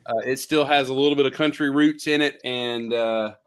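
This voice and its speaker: A man's voice: medium pitch, steady tone, normal speed, smooth. A man co-hosting a casual talk show, rambling and joking with many fillers. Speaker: podcast co-host. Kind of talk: casual chat.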